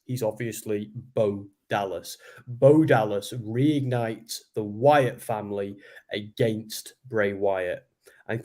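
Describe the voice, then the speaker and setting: A man hosting a casual online chat, telling a long, animated storyline monologue. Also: on the low side. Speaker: host. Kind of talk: casual fantasy booking chat.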